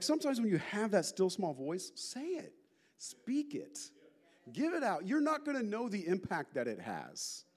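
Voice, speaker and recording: A male pastor giving a conversational sermon, telling stories with lots of animated asides. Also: on the high side. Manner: animated storytelling with many asides.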